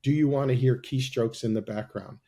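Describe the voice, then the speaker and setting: Mellow-voiced man pitching a product. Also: brisk, gravelly. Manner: persuasive sales-pitch delivery. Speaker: guest, AI company representative. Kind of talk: podcast interview.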